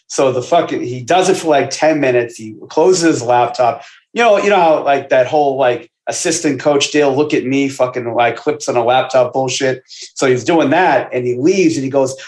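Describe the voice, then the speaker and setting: A man who works as a basketball trainer, guesting on a casual podcast and telling stories in a profane, animated way. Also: mid-range voice, moderate pace. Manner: profane, animated storytelling with asides. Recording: roomy echo.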